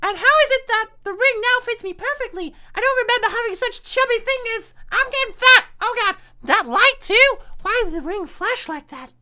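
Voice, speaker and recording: A fretful young anime girl, voiced by a man in a giggly, squeaky falsetto. The tone is bright and tight, and she frets her way through a visual novel scene. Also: animated, normal speed, hardly any pauses, full character voice. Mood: girlish fretting. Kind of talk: reading a visual novel aloud.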